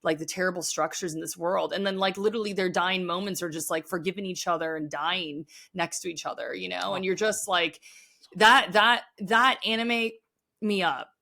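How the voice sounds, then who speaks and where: A woman's voice: on the low side, steady tone, moderate pace, vocal fry, sharp tone. A woman guest on a podcast, talking casually and earnestly with lots of "like" fillers, openly sensitive. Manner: earnest, heavy use of "like" fillers; sensitive, emotionally open. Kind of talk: casual chat.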